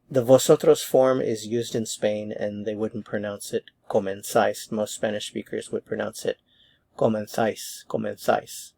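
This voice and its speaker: A man teaching a Spanish grammar lesson, explaining step by step in a patient, methodical way and slowly repeating each verb form. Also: lowish voice, gravelly, warm tone.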